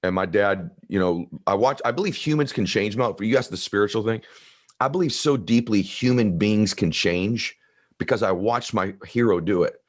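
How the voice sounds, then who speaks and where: A man in his fifties with a deep voice, telling a personal story in an earnest, heartfelt way during an interview. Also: normal speed. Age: 50s. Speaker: guest author. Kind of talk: emotional storytelling in conversation.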